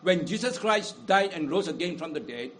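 A man preaching a sermon, dramatic, with big swings in loudness and slow, stressed phrases. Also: sits high, animated.

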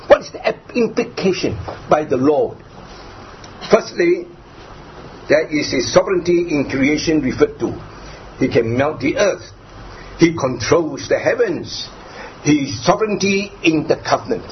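A man preaching a sermon, driving points home through repetition and rhetorical questions. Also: fairly high pitch. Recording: dull lo-fi recording, faint background noise.

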